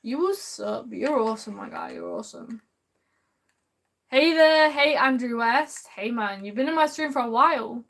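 Excitable lady streamer, high voice, hyped, talks to chat a lot, drags out her catchphrase. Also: normal speed, creaky. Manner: excitable, chats warmly with viewers; drawls a repeated sing-song catchphrase. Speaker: live streamer. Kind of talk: live gameplay commentary.

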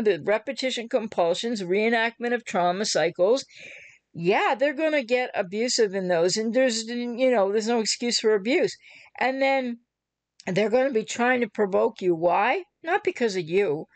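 A woman's voice: a little high, moderate pace, dry recording. A woman coaching on relationship recovery, talking emphatically to viewers and acting out the listener's reactions. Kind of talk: explanatory talk to viewers.

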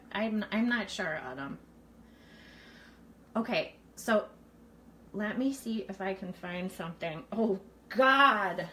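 A woman's voice: mid-range voice, slight background noise. A frightened woman in her home kitchen, talking to viewers in a panicky, exclaiming way. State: frightened, shaky. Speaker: vlogger. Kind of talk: casual live video.

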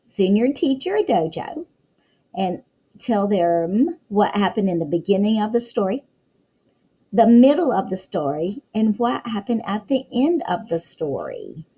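A woman's voice: mid-range voice, very animated, a little slow, mellow, slightly rough, low-quality recording. A woman teacher reading a picture book aloud to young children, full of exclamations and questions to the listener.

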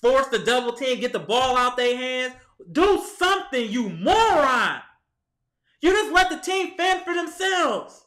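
A high, bright-toned man rants at his team, heated and exasperated, as if talking to the players themselves. His voice rings off the walls of an echoey room at home, picked up by a camera mic. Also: normal speed, hardly any pauses. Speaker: sports vlogger. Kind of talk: ranting fan commentary.

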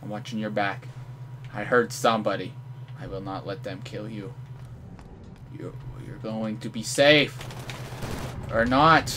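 A young man giving live gameplay commentary, trash-talking opponents with playful mock threats and sudden outraged yells. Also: fairly low pitch, steady tone, a little slow, pauses often, slight background noise. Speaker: gamer commentator.

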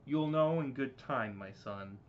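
A man voicing God as a fatherly ruler in a homemade story, speaking slowly and haltingly on a dull lo-fi recording. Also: mid-range voice, slight background noise, lightly acted.

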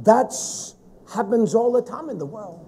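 A man preaching a sermon in a fervent, emphatic way, with sudden shouted stresses. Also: high-pitched, expressive, measured pace, husky.

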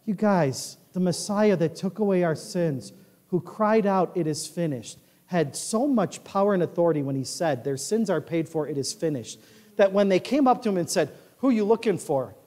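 Male pastor, animated high-voiced sermon delivery, booming church-hall echo. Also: normal speed. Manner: animated, swings from quiet asides to loud declarations. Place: large church sanctuary.

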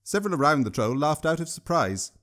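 Man narrating a story, animated pitch. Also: fairly quick. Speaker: author and narrator. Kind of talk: audiobook narration.

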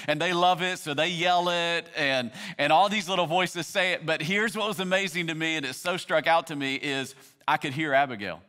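A man's voice: a little high, pushed and bright, clean tone. A man in his thirties preaching a sermon, moving from easy storytelling to fervent preaching. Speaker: pastor. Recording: reverberant hall.

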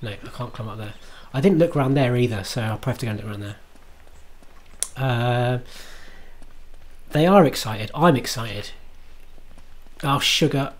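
A man's voice: mid-range voice, moderate pace, pauses often. A man streaming himself playing a game, chatting to viewers in a self-mocking way, swearing and laughing at his own mistakes. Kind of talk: live gameplay commentary.

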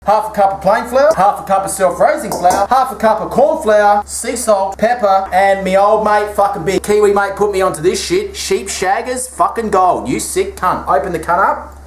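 A man's voice: high-pitched, normal speed, faint music behind. Brash, foul-mouthed Australian man. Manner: brash, swears constantly. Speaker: cooking show host. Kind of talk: crude comedic cooking show. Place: home kitchen. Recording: echoey room with faint noise.

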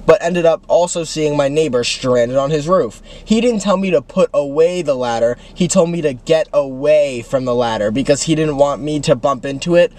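A man's voice: a little high, moderate pace, hardly any pauses, a little mellow. A young man co-hosting a casual chat in a car, reading viewer stories aloud and answering with a dry "correct.". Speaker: co-host reading viewer submissions. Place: inside a car.

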